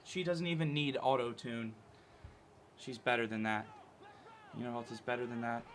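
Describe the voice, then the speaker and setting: A young man co-hosting mock sports commentary, making dry, quiet asides. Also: medium pitch, moderate pace, a little hiss or hum. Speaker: co-host.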